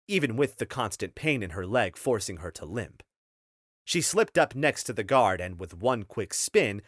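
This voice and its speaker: A man's voice: on the low side, a bit bright, no echo. A man narrating an audiobook in a scripted style, telling the story steadily on a close studio mic.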